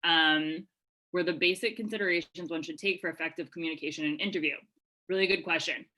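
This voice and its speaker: A woman presenting a live webinar over a video call, answering attendees' questions in an energetic, chatty way with lots of fillers. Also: low-pitched, quick pace, low-quality recording. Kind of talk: live webinar Q&A, casual coaching. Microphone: webcam video call.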